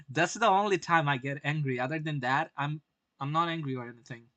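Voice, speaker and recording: A man's voice: on the high side, moderate pace, bright, forceful tone, dry recording. A young man doing live-stream market commentary, brash, swearing often and firing rhetorical questions at his viewers.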